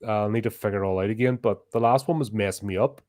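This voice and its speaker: Guy co-hosting a podcast, middle-aged, loud and lively, laughs a lot. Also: on the low side, fast talker. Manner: loud and animated, laughs easily. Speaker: podcast co-host. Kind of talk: casual chat.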